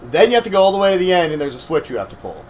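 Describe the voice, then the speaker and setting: A man's voice: high-pitched, very animated, very fast. A young man with a slightly scratchy throat, casually explaining a video game to his partner in a hedging, self-deprecating way. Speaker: co-host gamer guiding his partner. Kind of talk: casual let's-play commentary.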